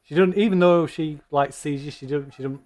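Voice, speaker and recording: A man running a tabletop game as game master, narrating in a rambling, halting way. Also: on the high side, a little mellow.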